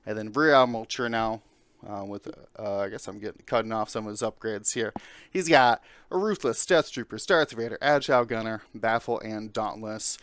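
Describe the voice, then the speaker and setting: A man's voice: lowish voice, moderate pace, fairly bright tone, smooth, no echo. A man hosting a casual podcast, talking through game lists with many fillers. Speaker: podcast host.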